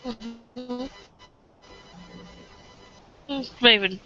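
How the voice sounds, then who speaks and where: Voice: mid-range voice, very slow, over music. A player narrating their character's actions in a tabletop role-playing game in a casual, plain way, on a dull lo-fi recording.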